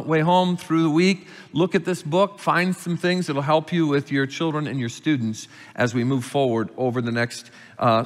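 Pastor preaching in a reverberant church. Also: male voice. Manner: explains scripture calmly, rises in pitch and volume reading verses. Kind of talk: sermon. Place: church sanctuary.

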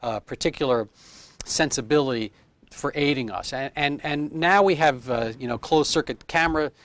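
A man's voice: a little high, moderate pace, a bit bright. A man in his fifties, a medical doctor being interviewed in casual chat, rambling through explanations with homespun comparisons. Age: 50s.

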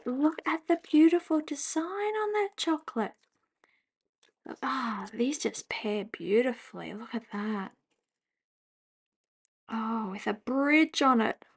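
A woman, chatting casually at her desk as she journals, laughing often and breaking into excited exclamations. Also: high voice, slightly rough. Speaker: journaling vlogger. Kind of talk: casual chat while journaling. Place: home desk.

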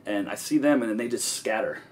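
A man telling stories as an interview guest, profane and rambling, with lots of halting restarts. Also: fairly low pitch, expressive, a little hiss or hum. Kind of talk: casual storytelling interview.

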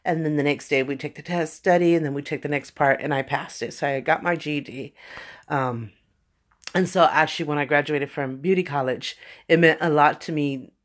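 A woman with a slightly low voice tells personal stories to her viewers in a relaxed, chatty way. She keeps dropping in little filler phrases as she talks. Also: a little fast. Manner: conversational, many "you know" fillers. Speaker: vlogger. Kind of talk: casual personal storytelling.

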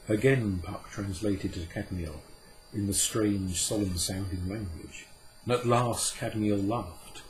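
A man reading a classic children's story aloud as an unhurried, measured narrator. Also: fairly low pitch, a little hiss or hum, rough recording. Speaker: audiobook reader. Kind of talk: scripted narration.

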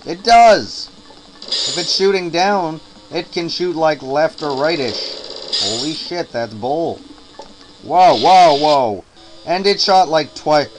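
Exhausted after an all-nighter, a man doing a let's play of a difficult game comments casually, swearing in frustration and muttering and humming to himself. His voice is mid-range, and loud game music fills the noisy background.

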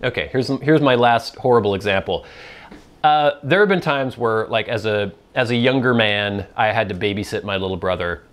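A man's voice: fairly low pitch, moderate pace, fairly bright tone. A man hosting a casual solo show, answering viewer questions in a rambling, self-deprecating, conversational way. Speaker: host.

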